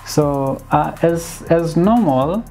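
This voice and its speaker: A woman giving a casual, animated film critique, dropping in bits of Swahili slang and sounding exasperated. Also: deep voice, slow pace, faint music behind. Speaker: film reviewer.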